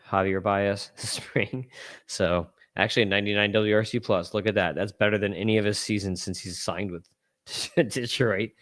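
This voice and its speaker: A man's voice: on the low side, a bit bright. A man hosting a fantasy baseball podcast, talking casually through stats on screen, rambling, correcting himself and chuckling at his own remarks. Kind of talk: casual analysis while screen-sharing stats.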